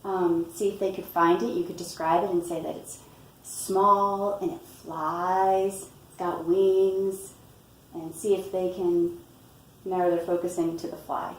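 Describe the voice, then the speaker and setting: A woman reading a picture book aloud and explaining storytime tips in a patient way, often pausing with "um" and "you know". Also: on the low side, level tone, slight background noise. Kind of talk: instructional read-aloud tutorial. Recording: roomy, from a distance, faint ambience.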